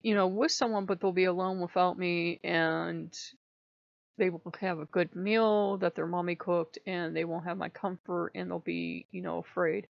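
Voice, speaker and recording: A woman's voice: fairly low pitch, steady tone, normal speed, creaky, no echo. A woman voicing a young mother who worries aloud about the child she left behind. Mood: worried. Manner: pleading, worried. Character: sobbing young mother, fretting for her child. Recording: dull lo-fi sound.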